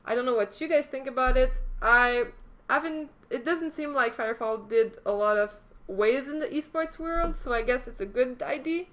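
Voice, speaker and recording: High-voiced chatty woman news vlogger. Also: normal speed, muffled recording. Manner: chatty and self-deprecating, stumbles while reading. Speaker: esports news host. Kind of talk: casual news vlog.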